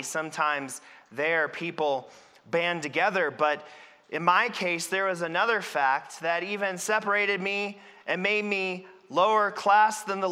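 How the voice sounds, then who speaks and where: A man's voice: fairly high pitch, sharp tone, clear, resonant tone. A man playing a Samaritan leper in a first-person sermon monologue, telling his story earnestly and with emphasis. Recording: long reverb in a large hall.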